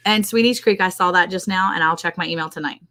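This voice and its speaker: A chatty woman co-hosting a casual ranch livestream, her voice sitting a bit low for a woman. She laughs easily and keeps reading out comments from viewers in a relaxed, joking way. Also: fast.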